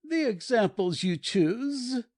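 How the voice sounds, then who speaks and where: A man's voice: extremely high pitch, expressive, takes it slowly, a little mellow, no room sound, clean studio sound, exaggerated voice. A man voicing a red-haired anarchist poet who mocks and declaims grandly, read as audiobook dialogue. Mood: sarcastic.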